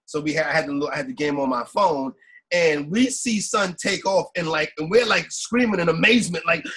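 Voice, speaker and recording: A man's voice: a little high, a little fast, a bit bright, slightly rough, low-quality recording. A man co-hosting a sports podcast, talking casually about football betting in a rambling way, often asking "you know what I'm saying". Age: adult with kids. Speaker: podcast co-host.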